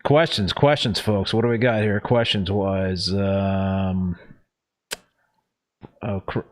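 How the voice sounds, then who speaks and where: Man, talk show host, low voice, relaxed, casual. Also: slow. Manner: relaxed, reads viewer messages aloud. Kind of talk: casual chat, live show.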